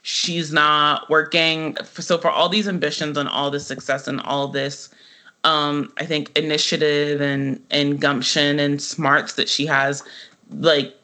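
Woman co-host, casual sitcom recap, bright tone, loose and filler-heavy delivery. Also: low voice, unhurried. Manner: chatty, full of fillers, quotes characters in animated voices. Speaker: podcast co-host.

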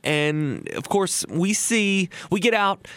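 A man's voice: sits high, animated, takes it slowly, fairly bright tone, clear, resonant tone, no room sound. A man in his thirties hosting a radio show on retirement, telling a story in a folksy, chatty way with fillers and restarts. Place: radio studio.

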